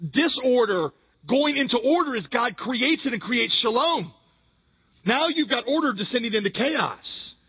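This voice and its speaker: A man preaching a sermon in a lively, joking way, tossing rhetorical questions at his listeners. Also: very high-pitched, breathy edge. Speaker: pastor. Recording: dull recording with long hall reverb.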